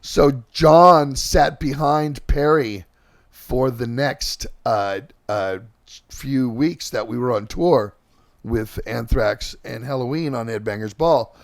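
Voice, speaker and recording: Brief: middle-aged male host, gravelly voice, dry close sound, loose storytelling full of ums and restarts. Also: mid-range voice, dry recording. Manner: halting, with many fillers and restarts. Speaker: podcast host and band singer. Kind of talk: casual rambling storytelling.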